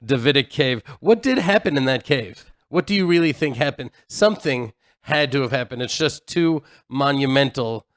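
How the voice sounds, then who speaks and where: Guy cohosting a radio chat show from a home office in a hillside, chatty, laughs a lot, quick bursts. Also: mid-range voice, animated, fairly bright tone.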